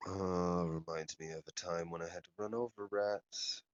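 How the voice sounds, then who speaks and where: Deep-voiced man role-playing in a game. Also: steady tone, normal speed, no room sound, muffled recording. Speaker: tabletop game player. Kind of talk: in-character role-play.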